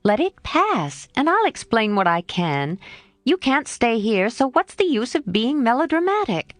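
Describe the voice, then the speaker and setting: A frank, tomboyish teenage girl from a classic storybook, voiced by a woman narrator. She speaks higher and brighter than the narration, eager and coaxing, with an animated, bouncing delivery in a dry, close recording. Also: a little slow, no echo.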